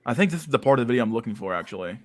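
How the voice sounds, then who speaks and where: A man's voice: mid-range voice, animated, rapid-fire, a little hiss or hum. A man hosting a casual livestream chat, rambling and crude, packed with internet slang. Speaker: livestream host.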